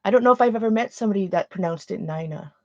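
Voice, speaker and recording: A woman's voice: mid-range voice, racing, dry recording, dull audio. A Canadian woman chatting casually on a livestream while making art, rambling and often restarting her sentences.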